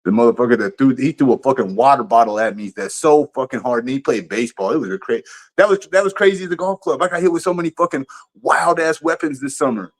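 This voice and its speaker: Telling a story casually on a livestream, a man speaks fast in an ordinary middle-pitched voice. He's profane and animated, rambling along and frequently restarting his sentences.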